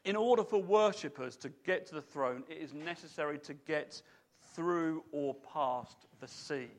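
A man preaching a sermon to a congregation in a lively, chatty way, putting questions to his listeners. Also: a little high, moderate pace.

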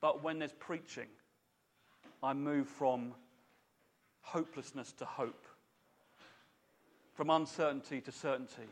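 A man preaching a sermon to a congregation in a lively, chatty way, putting questions to his listeners. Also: mid-range voice, slow, pauses often.

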